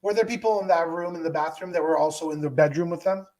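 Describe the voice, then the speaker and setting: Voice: mid-range voice, quick pace, a little mellow. A co-host in a casual recap chat, giving wry, chatty commentary.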